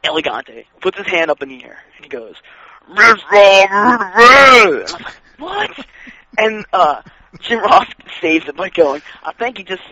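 A man in casual chat, excitedly telling wrestling stories and acting out what others said. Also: fairly high pitch, moderate pace, husky, no echo. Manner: excitable, acts out quoted voices, laughs while telling. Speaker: wrestling fan guest. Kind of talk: casual chat, animated storytelling. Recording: dull lo-fi radio sound.

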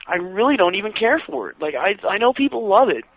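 A man in casual chat, excitedly telling wrestling stories and acting out what others said. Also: sits high, a little fast, no echo. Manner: excitable, acts out quoted voices, laughs while telling. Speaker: wrestling fan guest. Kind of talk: casual chat, animated storytelling. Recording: dull lo-fi radio sound.

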